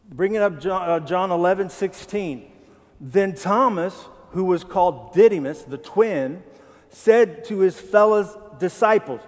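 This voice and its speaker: The voice is male, sitting high, with a long reverb tail. It belongs to a pastor preaching a conversational sermon in a church sanctuary, frequently addressing questions to the congregation.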